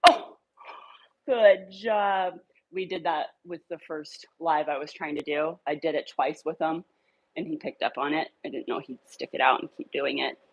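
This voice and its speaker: A woman's voice: little pitch movement, moderate pace, vocal fry, breathy edge, dull audio. Upbeat woman dog trainer, coaxing. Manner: upbeat, coaxing praise to dogs in a high sing-song. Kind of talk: casual training demo, talking to camera and dogs.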